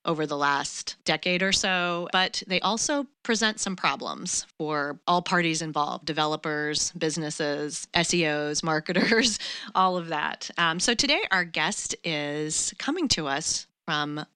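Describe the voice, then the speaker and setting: A woman's voice: low-pitched, measured pace, sharp tone, smooth, dry recording, studio quality. A woman from Ohio hosting a marketing podcast, introducing a guest in a loose, giggly way. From United States (Ohio). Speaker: podcast host. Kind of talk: casual interview chat.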